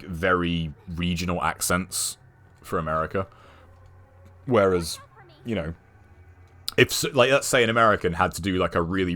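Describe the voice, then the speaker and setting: A man's voice: sits low, a bit bright. A young man streaming a game, chatting in a rambling way and swearing at the game from his home setup. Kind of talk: casual gameplay commentary. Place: home gaming setup with two monitors.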